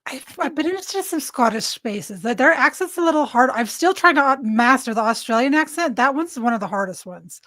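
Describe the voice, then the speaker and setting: A woman joins a casual podcast chat, curious and quick with questions. Her voice sits a bit high and sounds close and dry. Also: lively intonation, fairly bright tone, no room sound.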